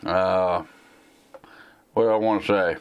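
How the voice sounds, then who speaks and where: A man's voice: deep voice, steady tone, takes it slowly, smooth, lo-fi sound. A man with a Southern American accent and a slight slur, rambling casually as he answers viewer questions on a live tech stream. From United States. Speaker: tech channel host.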